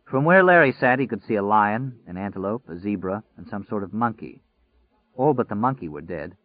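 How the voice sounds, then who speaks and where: A man narrating an audiobook in a measured, deliberate reading. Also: on the low side, lively intonation, dry recording. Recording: dry, phone-like narrow sound.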